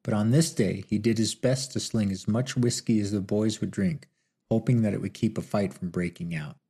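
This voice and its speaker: Brief: male audiobook narrator, low pitch, husky tone. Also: moderate pace. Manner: steady, storytelling.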